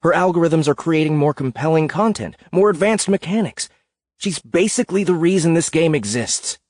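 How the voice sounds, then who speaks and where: A woman narrator lowers her voice to play an earnest male game developer in an audiobook. He sounds frustrated and pushes back hard on his boss. His voice rises and falls with feeling. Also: expressive, moderate pace, a little mellow, dry recording, studio quality.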